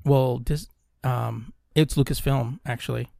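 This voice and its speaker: A man co-hosting a casual podcast in a laid-back way, chuckling often and swearing now and then. His voice has a gravelly, creaky edge. The sound is dry and close. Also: medium pitch, fairly even intonation, unhurried, dark tone, dry recording. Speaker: podcast co-host.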